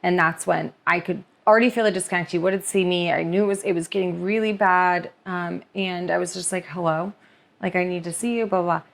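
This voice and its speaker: A young woman chatting as a podcast guest, expressive and rambling, with a lot of "like" in her talk. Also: fairly low pitch, fairly quick, vocal fry. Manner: expressive, rambling, heavy use of "like". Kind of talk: casual confessional chat.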